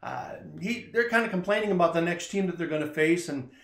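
Male pastor, high voice, lively storyteller; echoey room sound. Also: fairly quick. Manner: animated storyteller, acts out quoted lines louder. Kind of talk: informal sermon, retelling a movie scene.

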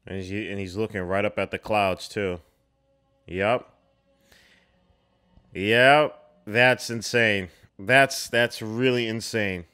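A young man hosting a casual film reaction, excitable and slangy, calling out at the screen. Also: lowish voice, a little slow, smooth.

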